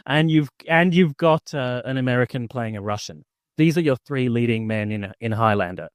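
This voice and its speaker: A podcast co-host chats casually and enthusiastically about a film, rambling with plenty of "like," fillers, and restarts. His medium-pitched voice is expressive and moves at a normal speed, with a clean tone in a dry recording.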